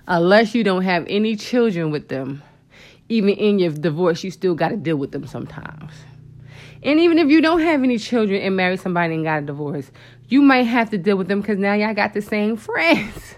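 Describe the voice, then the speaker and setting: A woman hosting a Christian motivational talk, speaking emotionally and conversationally to her listeners, with asides and exclamations to the Lord. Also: medium pitch. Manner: expressive, emotional, animated preaching with frequent asides; conversational, addresses listeners as girl and honey. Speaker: host of a faith talk show.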